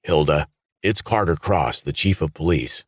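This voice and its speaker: A man's voice: very deep voice, expressive, normal speed, husky, dry recording, clean studio sound, full character voice. A man voicing a wounded police chief who speaks steadily and reassuringly through his pain. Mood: strained reassuring.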